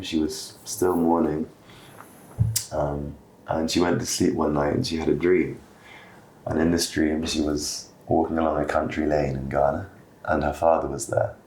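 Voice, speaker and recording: Very deep gravelly man in echoey room. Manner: relaxed, with fillers and soft laughs. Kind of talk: casual storytelling. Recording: roomy room with faint background noise.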